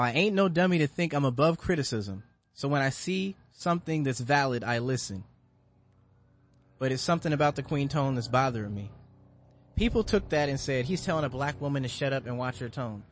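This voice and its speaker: Casting: male podcast host, fairly high voice, casual, emphatic and profane.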